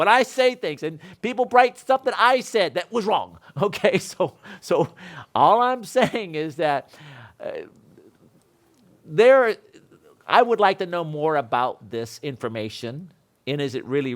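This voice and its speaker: A middle-aged man leads a seminar in a loose, chatty way, telling anecdotes and laughing as he goes. His voice sits a little high and swings widely in pitch. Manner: animated storytelling with laughs. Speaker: seminar instructor. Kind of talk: casual classroom talk.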